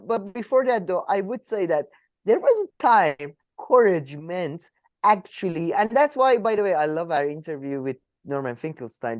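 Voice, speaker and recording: A male podcast co-host talking politics in a loose, animated way, laughing often and restarting his sentences. His pitch swings widely, and his voice sounds dry and close. He is heard in a casual conversation with his co-host. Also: dry recording.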